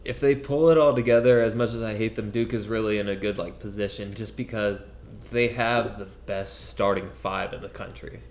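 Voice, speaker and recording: A young man co-hosting a podcast, chatting casually about sports in a quick, excitable way that often trails off mid-sentence. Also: on the low side. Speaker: podcast co-host.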